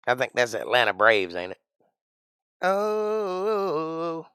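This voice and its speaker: A middle-aged man from Georgia with a Southern accent, chatting playfully and rambling on his livestream, now and then bursting out loud. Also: on the low side, normal speed, dry recording, studio quality. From Georgia, USA. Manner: playful, rambling, jokey with sudden loud outbursts. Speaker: livestream host. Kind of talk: casual livestream chat.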